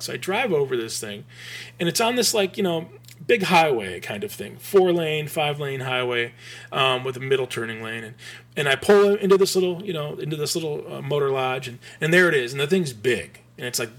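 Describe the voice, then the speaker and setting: Middle-aged guy, slightly high voice, rambling storyteller who restarts constantly and cusses casually. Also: a little fast. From Michigan. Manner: rambling, animated, frequent restarts and swearing. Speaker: podcast guest, graphic designer.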